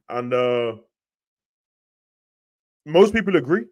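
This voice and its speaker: A man's voice: fairly high pitch, unhurried, pauses often. Slangy young man ranting on football. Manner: slangy, rambling, animated. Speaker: football talk host. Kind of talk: casual football rant.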